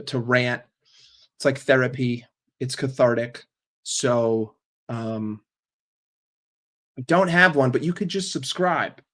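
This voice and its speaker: A man's voice: mid-range voice, fairly bright tone. Rambling, profane man streaming. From New York. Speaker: football fan streamer. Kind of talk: casual live-stream rant.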